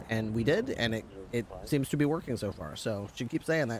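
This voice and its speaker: A man's voice: medium pitch, lively intonation, fast, hardly any pauses, a little hiss or hum. A man streaming full time, chatting candidly and self-deprecatingly with his audience, breaking into laughs. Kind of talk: casual stream chat.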